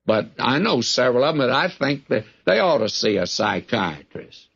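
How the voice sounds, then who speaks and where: Husky folksy Bible teacher, man. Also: mid-range voice, very animated, normal speed, a bit bright. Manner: folksy, plain-spoken, wry asides. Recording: dull lo-fi radio broadcast recording.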